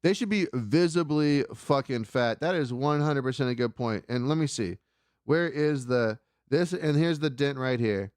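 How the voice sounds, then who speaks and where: Man, profane rambling storyteller, smooth resonant voice, dry close sound. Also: mid-range voice, normal speed, a little mellow, no echo. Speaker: comedy podcast guest. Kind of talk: casual storytelling chat.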